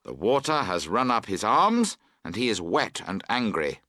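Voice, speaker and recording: A man narrating a story for English learners in a slow, expressive reading. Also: on the low side, dry recording, studio quality. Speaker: audiobook narrator.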